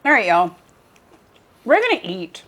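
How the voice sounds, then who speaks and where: A woman's voice: medium pitch, wildly swooping pitch, unhurried, a bit bright. A woman from the United States chatting casually over a home-cooked breakfast, laughing often and sometimes talking with her mouth full. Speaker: vlog co-host cooking for a friend. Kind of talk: casual chat over a meal. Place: home kitchen.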